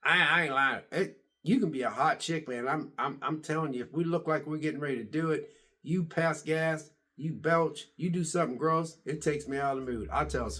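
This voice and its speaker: A man vlogging a series review in a casual, rambling way, restarting sentences and getting excited as he retells scenes. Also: on the high side, fairly quick. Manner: excitable, laughs and exclaims. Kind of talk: casual rambling reaction chat.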